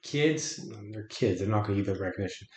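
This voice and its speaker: A man's voice: fairly low pitch, lively intonation, a little fast, a little mellow. Earnest man, roomy echo. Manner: earnest and reflective, often restarting words. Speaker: podcast guest. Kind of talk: casual conversation.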